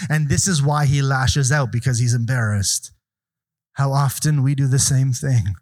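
A man's voice: mid-range voice, normal speed, a little mellow. A man preaching a sermon, reading Bible verses aloud and explaining them with asides and questions to the congregation.

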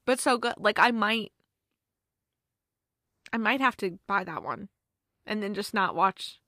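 A woman's voice: medium pitch, unhurried, bright, forceful tone, no room sound, clean studio sound. A woman reviewing holiday movies in a casual, gushing, emotional chat, with lots of fillers.

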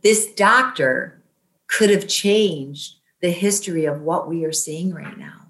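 A woman in her fifties tells an emotional personal story with an earnest, halting delivery and plenty of fillers. Her voice sits fairly low, and the recording rings with room echo. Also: a bit bright. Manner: earnest, halting, many fillers, voice rising when quoting herself. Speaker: guest telling her story.

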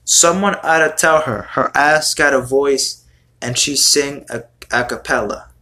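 A man reacts to song lyrics in loose, casual commentary. He sounds exasperated and swears freely as he mocks each line. His voice has a bright, forceful edge, and he talks at an unhurried, drawn-out pace. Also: medium pitch.

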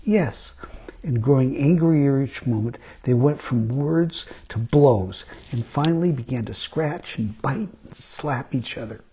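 A man's voice: mid-range voice, a little slow, hardly any pauses, slightly rough. A man reading a classic children's story aloud as a weekly installment, telling it expressively. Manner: expressive storytelling with voiced quotes. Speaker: storybook reader. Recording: dull lo-fi sound.

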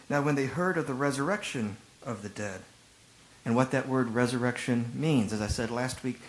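Guy preaching in church, animated storytelling, middle pitch. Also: poor audio. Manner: animated storytelling, acting out rhetorical quotes. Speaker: pastor. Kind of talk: sermon.

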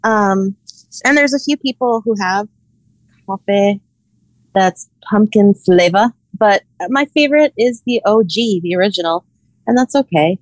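A tired woman co-hosting a podcast, chatting in a relaxed, drawn-out way. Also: medium pitch, no room sound, low-quality recording. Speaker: podcast co-host. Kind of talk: casual chat.

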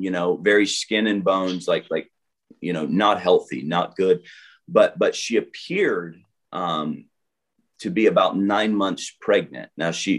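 A male pastor speaks as a guest, retelling an event with animated energy and plenty of fillers and restarts. His voice sits fairly low. He acts out what people said as he goes. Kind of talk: storytelling testimony in an interview.

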